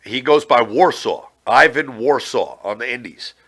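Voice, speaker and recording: A former pro wrestler, guesting on a podcast, tells brash, profane stories with animated flair during casual interview chat. His medium-pitched, slightly rough voice is unhurried.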